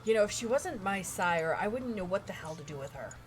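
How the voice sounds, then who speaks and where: A woman's voice: medium pitch, animated, brisk, a little hiss or hum, close to an everyday voice. A woman voicing an exasperated male vampire with a pistol, muttering about his sire.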